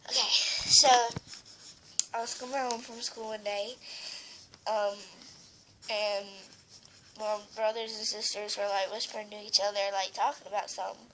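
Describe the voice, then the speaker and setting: A woman's voice: medium pitch, little pitch movement, normal speed, pauses often, pushed and bright, slight background noise, low-quality recording. A teenage girl tells a sad story to the camera, tearful and rambling with lots of fillers. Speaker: vlogger.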